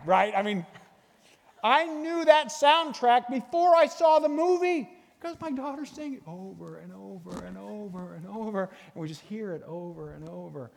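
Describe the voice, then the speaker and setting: A middle-aged man giving a guest sermon in a church, animated and jokey, talking to a live audience. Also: high voice, normal speed, creaky. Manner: animated, jokey, bursts into sung movie lines. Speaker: guest speaker. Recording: long hall reverb.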